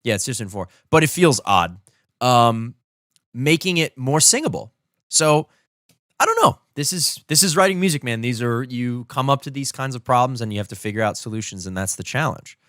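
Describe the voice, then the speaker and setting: A man explaining how he is composing and arranging a song during a livestream. He thinks aloud with enthusiasm and sings rhythms and melody lines out loud to show his ideas. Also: mid-range voice, big pitch swings, normal speed, no room sound, studio quality. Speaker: musician streaming his composing session. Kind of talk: casual explanatory livestream talk.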